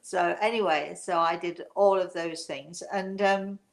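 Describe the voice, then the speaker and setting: A woman's voice: fairly low pitch, fairly even intonation, unhurried, creaky. An older woman from England hosting a show, chatting casually and rambling with many fillers. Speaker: show host, medium.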